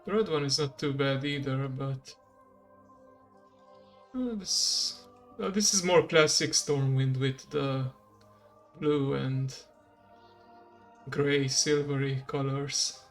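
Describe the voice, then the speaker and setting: A game streamer giving relaxed, rambling commentary while playing and chatting with viewers. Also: medium pitch, takes it slowly, long pauses, soft background music. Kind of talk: casual gameplay commentary.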